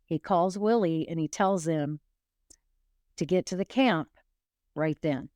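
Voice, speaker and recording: A woman's voice: fairly low pitch, unhurried, darkish tone, no room sound, studio quality. A woman hosting a true crime podcast, retelling a case in casual, rambling storytelling with wry asides and frequent restarts.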